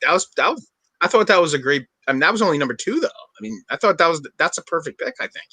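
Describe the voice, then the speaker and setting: Chatty guy guesting on a podcast, brightish voice, dry mic. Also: a little high, animated, fast talker, breathy edge, no room sound. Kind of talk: casual chat.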